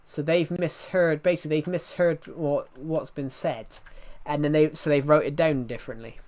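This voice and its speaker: A man's voice: fairly high pitch, fairly even intonation, normal speed, darkish tone. A man chatting casually while streaming a game, rambling and answering viewers' questions as he plays. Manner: rambling, restarts sentences, answers chat questions. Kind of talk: casual live-stream chat while playing.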